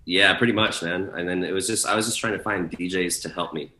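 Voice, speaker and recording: A man's voice: low voice, brisk, pushed and bright, roomy sound, rough recording. A man, a guest DJ, telling road stories in casual podcast chat, with swearing and acted-out quotes. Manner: storytelling with swearing, acts out quoted people.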